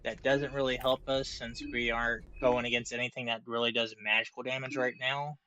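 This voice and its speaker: A man giving slow, mumbled running commentary while streaming a video game from home. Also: mid-range voice, little pitch movement, sharp tone, dull audio, slight background noise. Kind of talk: casual live-stream commentary. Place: home room.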